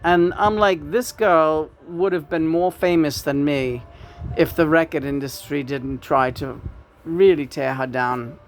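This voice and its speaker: A woman speaking as the channeled spirit of a famous male rock star, ranting profanely and mockingly with sudden loud outbursts. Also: deep voice, measured pace, a little hiss or hum.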